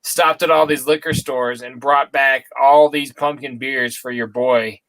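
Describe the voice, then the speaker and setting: A man's voice: mid-range voice, steady tone, unhurried, fairly bright tone, dry recording, rough recording. A man co-hosting a podcast, chatting loosely and profanely with his friends. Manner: loose, profane, laughing banter. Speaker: podcast co-host. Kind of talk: casual chat.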